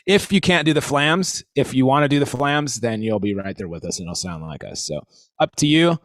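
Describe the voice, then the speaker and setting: A man's voice: mid-range voice, normal speed, faint music behind. A man leading a livestream drum lesson, talking casually as he explains stickings and counts the group in. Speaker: drum instructor.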